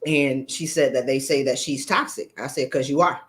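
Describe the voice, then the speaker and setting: A woman coach, talking bluntly to viewers on a live stream and preaching at them with animated energy. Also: extremely low pitch. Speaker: leadership coach. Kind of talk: live-stream motivational talk.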